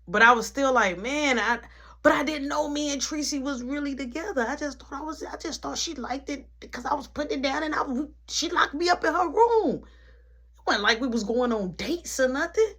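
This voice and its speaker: A person telling a dramatic personal story in casual, slangy speech full of asides. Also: female voice, high-pitched, a little fast. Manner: slangy, animated retelling with many asides.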